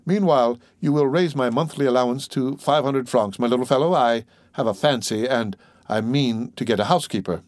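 A man's voice: mid-range voice, brisk, a little mellow, no room sound, close to an everyday voice. A man voicing a sly, greedy fifty-year-old ex-convict. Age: 50s. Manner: wheedling, sly, grasping.

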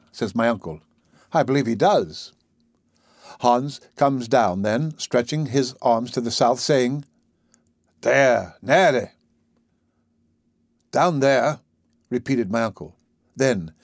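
A man narrating a classic adventure novel in the first person, with a husky voice and measured storytelling. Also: mid-range voice, darkish tone, dry recording, studio quality. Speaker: audiobook narrator.

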